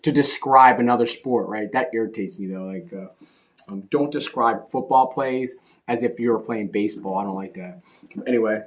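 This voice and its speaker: A man in a casual, rambling rant about a bad game, sarcastic and laughing, swinging between loud outbursts and muttering. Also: fairly low pitch, normal speed. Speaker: sports commentary vlogger.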